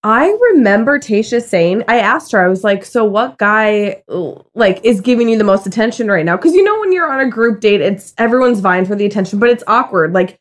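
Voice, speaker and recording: A woman's voice: mid-range voice, lively intonation, fairly quick, few pauses. A young woman co-hosting a podcast, chatty and upbeat, telling stories and asking questions. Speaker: podcast co-host. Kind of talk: casual podcast chat.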